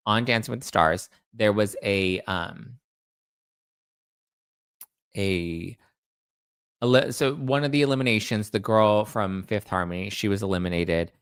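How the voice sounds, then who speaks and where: Man, gossip show host, rambling casual chat, gravelly voice, dry close sound. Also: lowish voice, fairly bright tone, no echo. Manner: rambling, chatty, restarts and self-corrects; reads out viewer comments.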